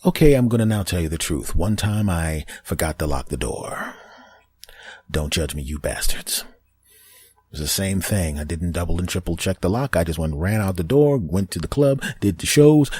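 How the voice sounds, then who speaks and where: Man, comic storyteller, low dark voice, husky, animated with sound effects. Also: moderate pace, no room sound. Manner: animated, with scat sound effects and self-mockery. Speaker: comedian podcast host.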